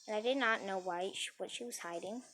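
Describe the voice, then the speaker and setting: A woman's voice: medium pitch, brisk, pushed and bright, faint music behind. Woman rambling through a casual story.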